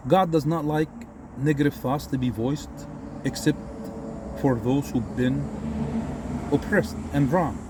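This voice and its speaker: A man's voice: on the high side, a little mellow, a little hiss or hum. Heated, combative man ranting. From Egypt. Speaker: sports vlogger. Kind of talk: heated post-game rant.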